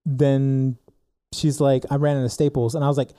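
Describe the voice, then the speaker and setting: A man's voice: mid-range voice, flat delivery, moderate pace, dark tone, dry recording, studio quality. A young man telling a story in casual chat, acting out the dialogue with lots of filler words. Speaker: podcast co-host telling a story.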